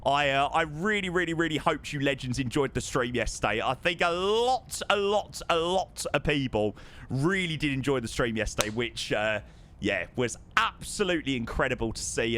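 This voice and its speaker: A bright, forceful male voice chatting live to his stream while flying a simulator. He swings up and down in pitch as he talks, excitable and effusive. He keeps repeating his thanks to the chat. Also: slight background noise. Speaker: livestreamer.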